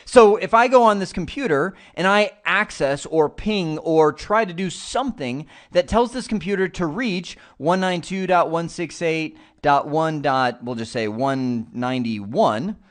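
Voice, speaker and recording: Brief: man, technical trainer, higher voice, lively and playful, acts out examples. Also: unhurried, hardly any pauses. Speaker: IT instructor. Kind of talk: online technical lesson.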